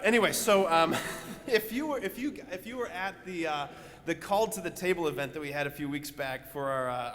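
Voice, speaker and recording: A man's voice: on the high side, a bit bright. A young adult male priest giving a homily, telling a story conversationally with many fillers and restarts. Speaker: parish priest. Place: large church. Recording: church reverb with faint ambience.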